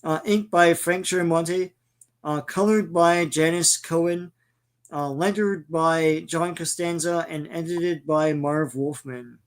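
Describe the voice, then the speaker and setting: A man's voice: on the high side, steady tone, slow pace. A man co-hosting a comic book podcast, reading out issue credits and chatting casually. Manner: reads credits in a list, backchannels with short agreement. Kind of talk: casual chat.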